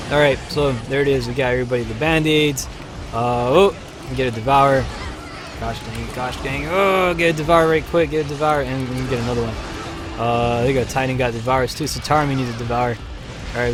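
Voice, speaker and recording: A man hosting a live stream, chatting casually and excitably as he plays, with bursts of cheering and laughter. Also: medium pitch, a little fast, noisy background. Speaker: live-stream host playing a game. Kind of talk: casual gameplay commentary. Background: game music.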